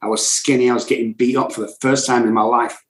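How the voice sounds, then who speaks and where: The audio is poor and the room echoey as a middle-aged man from England talks fast in a mid-range voice with a level tone. He's a podcast guest sharing his recovery story with emotional, blunt intensity, and calls himself loud and cocky.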